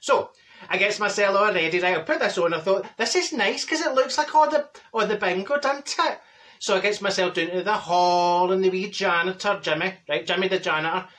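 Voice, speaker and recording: A man with a high, expressive, fairly bright voice speaks briskly in a comedy character monologue. He plays a chatty, straight-talking Glasgow woman with a Glaswegian Scottish accent, telling a comic story in a gossipy, bossy manner and imitating other people's voices.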